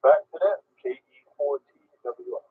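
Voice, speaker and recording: Husky man over thin radio transmission. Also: a little high, a little slow, narrow, tinny audio. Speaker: caller on a ham radio net. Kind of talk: casual radio chat. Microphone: radio transceiver mic.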